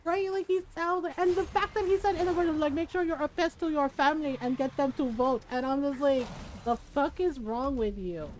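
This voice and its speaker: A woman's voice: sits high, brisk, few pauses, low-quality recording. A woman chatting casually while streaming a game, laughing often and acting out bits. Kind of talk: casual gaming stream chat.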